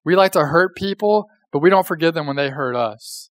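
A man's voice: on the high side, expressive, brisk, a bit bright, no room sound. A young man preaching a casual, conversational sermon, joking and asking the audience questions. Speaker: pastor.

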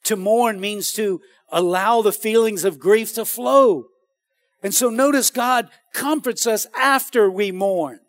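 High-voiced preacher, dry mic. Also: male voice, dry recording. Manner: animated, calls out to the congregation. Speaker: pastor. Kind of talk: sermon.

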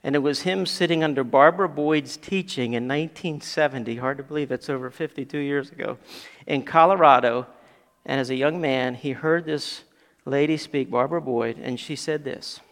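A man preaching a sermon as pastor, building to loud emphatic peaks and dropping to quiet asides. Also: mid-range voice, moderate pace, big-room sound.

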